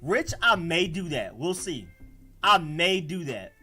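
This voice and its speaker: A man with an Atlanta accent hosts a casual sports livestream, answering the chat in an animated, slangy flow. His voice is forceful and sits a little high. Faint music plays behind him. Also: slow pace, husky. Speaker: livestream host.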